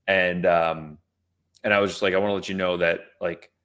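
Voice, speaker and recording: Deep-voiced man telling a story casually. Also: little pitch movement, normal speed, a bit bright, smooth. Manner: loose storytelling with many restarts and fillers. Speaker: podcast co-host. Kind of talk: casual chat.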